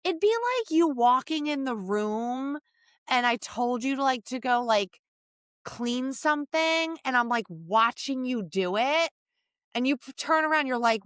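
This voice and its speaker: A woman's voice: high voice, smooth, no echo, clean studio sound. A woman co-hosting a dog training podcast, telling a rambling story in casual chat. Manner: lively, rambling storytelling with quick restarts. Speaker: podcast co-host.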